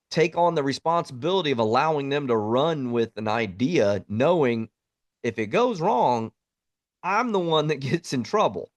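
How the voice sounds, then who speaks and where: A man's voice: medium pitch, no room sound. A plainspoken man, an Army veteran, talking bluntly in a reflective podcast monologue.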